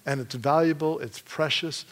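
Animated man preaching a testimony. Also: fairly high pitch, normal speed. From Michigan, USA. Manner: animated storytelling, laughs often. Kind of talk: sermon testimony.

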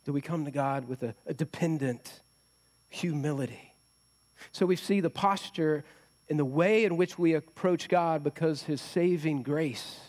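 Man, pastor, sermon, conversational, rhetorical questions, high-pitched. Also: unhurried, a little mellow.

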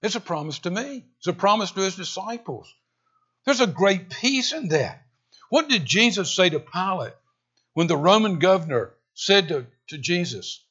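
A man preaching a sermon, swinging between loud, emphatic lines and hushed, intense ones. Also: high voice, very animated, moderate pace, slightly rough, highs cut off. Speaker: pastor.

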